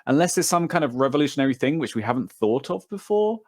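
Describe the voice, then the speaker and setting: A man with an English accent co-hosting a casual podcast, teasing and thinking aloud, often clearing his throat. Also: medium pitch, very animated, fast talker, no echo, clean studio sound. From England. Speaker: podcast co-host.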